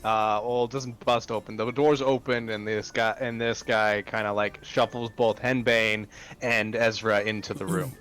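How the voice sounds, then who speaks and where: A man's voice: lowish voice, flat delivery, moderate pace, fairly bright tone, smooth. A man narrating as game master of a tabletop game, chatty and hesitant, often laughing.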